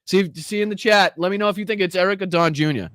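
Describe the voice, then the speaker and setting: A man hosts a live political reaction stream, his voice sitting high for a man and recorded dry and close. He swears freely, laughs often and sounds incredulous at what he is watching. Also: quick pace, a bit bright, dry recording. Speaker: political commentary host.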